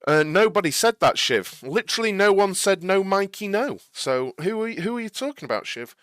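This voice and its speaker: A young man hosting a casual live stream, his fairly high, bright voice swinging up and down a lot as he talks. He answers viewers' chat messages earnestly, gets a little exasperated, and keeps tripping over and restarting his sentences. The sound is dry and close. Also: very animated, no room sound. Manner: halting, many restarts and repeated words.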